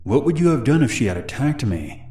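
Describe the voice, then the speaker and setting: A man reading the lines of a creepy young male stranger in a horror story, speaking softly with a falsely friendly manner. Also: mid-range voice, big pitch swings, a little fast, echoey room, voice pushed up, lightly acted.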